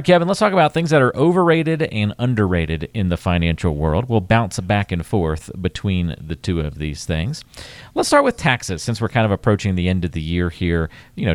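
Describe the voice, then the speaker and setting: A man's voice: deep voice, no echo. A man hosting a financial talk show, reading promotional lines and posing questions to his guest in an upbeat, conversational way. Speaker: show host.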